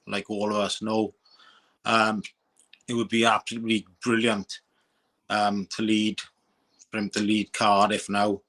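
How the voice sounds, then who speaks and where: A man speaking as a guest on a fan podcast, hesitant, with frequent pauses and restarts. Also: on the low side, fairly bright tone. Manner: hesitant, many ums and restarts. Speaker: panel guest. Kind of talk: casual chat.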